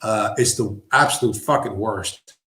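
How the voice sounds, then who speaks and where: A man's voice: on the low side, a little slow, bright, forceful tone. A man streaming, telling a rambling story with heavy swearing and constant asides. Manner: profane, digressive, lots of fillers. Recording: roomy echo.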